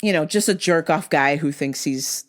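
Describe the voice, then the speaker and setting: A young adult woman hosting a vlog, telling a story in a blunt, profane, animated way. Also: deep voice, moderate pace. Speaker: vlog host. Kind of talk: casual storytelling monologue.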